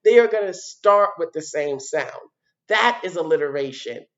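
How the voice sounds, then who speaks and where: Animated woman teaching young children. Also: fairly low pitch, muffled recording. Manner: animated, sounds out letters, repeats words slowly for children. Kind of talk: children's lesson on video.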